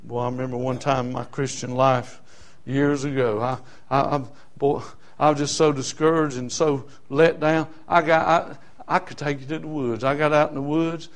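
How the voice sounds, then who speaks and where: A male pastor preaching a sermon, shifting from hushed storytelling to shouted exhortation. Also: mid-range voice, steady tone, normal speed.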